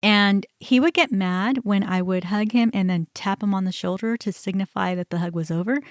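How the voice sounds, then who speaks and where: A woman's voice: medium pitch, moderate pace, dry recording, clean studio sound. A woman hosting a podcast, telling a personal story in a candid, conversational way. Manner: candid, conversational, animated when recounting. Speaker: podcast host.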